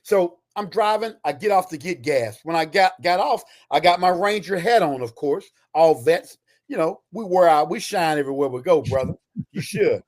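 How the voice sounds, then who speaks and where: Telling stories as a guest, a retired Army Ranger and author in his sixties speaks quickly and emphatically. His voice is fairly high, with lively intonation that keeps the storytelling animated.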